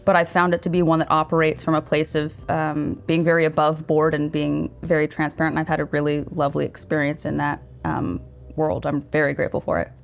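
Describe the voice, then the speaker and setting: Low-voiced, earnest woman in her thirties. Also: little pitch movement, a little fast, gravelly. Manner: earnest and thoughtful, with frequent restarts. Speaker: guest, writer and showrunner. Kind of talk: reflective interview conversation.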